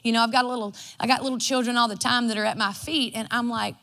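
A woman gives a devotional sermon. Her voice is bright and pitched a little high. She tells homespun stories and acts out what she said along the way. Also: fairly even intonation, fast, gravelly, few pauses. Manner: folksy and storytelling, acts out her own quotes. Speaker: preacher.

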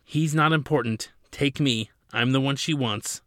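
A man's voice: medium pitch, no room sound, studio quality, lightly acted. A man voicing a resolute female android who speaks firmly and evenly. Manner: firm, quiet and measured.

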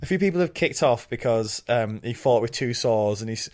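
A man on a podcast recapping TV scenes in casual chat, excited and quick to laugh. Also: mid-range voice. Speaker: podcast co-host. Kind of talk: casual chat reviewing a TV episode.

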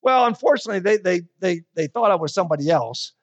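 A woman preaching a sermon, telling stories with animation and slowing down to stress key words. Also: fairly low pitch, lo-fi sound. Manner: animated storytelling, slows down for emphasis.

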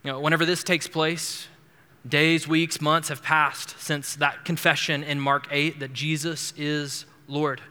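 A man's voice: fairly high pitch, level tone, a little slow, sharp tone, smooth, big-room sound. A man preaching an expository sermon as pastor, earnest and emphatic, often repeating words as he builds a point. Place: church sanctuary.

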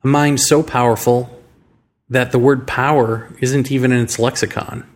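A man hosting a show, talking through ideas in a musing monologue full of rhetorical questions and slow, deliberate phrasing. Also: mid-range voice, fairly even intonation. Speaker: podcast host. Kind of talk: reflective monologue.

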